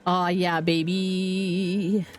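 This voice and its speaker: A woman streamer in casual live gameplay commentary, chatty and excitable, rambling to herself at a desk mic. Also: fairly low pitch, extremely slow, faint music behind.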